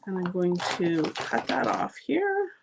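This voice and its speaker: A woman's voice: fairly low pitch, sing-song, a little slow, vocal fry, noisy background. A woman hosting a live card-making demonstration, chatty and gushing, with frequent ums as she works. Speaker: card-making channel host.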